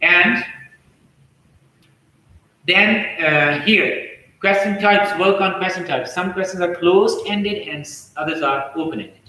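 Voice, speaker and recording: A man with a Pakistani English accent teaching speaking strategies, drawing out example words slowly. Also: sits high, bright, forceful tone. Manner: slow, drawn-out word examples. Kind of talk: spoken lesson on speaking strategies. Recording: very echoey room, off-mic.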